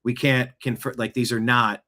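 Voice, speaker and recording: A man's voice: mid-range voice, little pitch movement, moderate pace, bright, forceful tone. A man hosting a show, giving casual, rambling political commentary and reacting to clips, with conversational asides. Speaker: show host. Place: home studio, seated.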